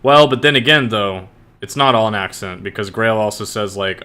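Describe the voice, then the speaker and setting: A man's voice: lowish voice, moderate pace, sharp tone. A man casually thinking aloud as he edits his own story, rambling and hesitant, with many restarts. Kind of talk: casual thinking aloud while editing and reading drafts.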